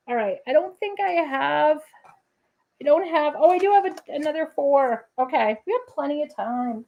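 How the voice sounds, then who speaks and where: A woman's voice: high voice, expressive, measured pace, vocal fry. A woman hosting a casual crafting livestream, chatting to viewers with playful asides and humming little scat tunes while she works. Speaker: papercrafting livestream host.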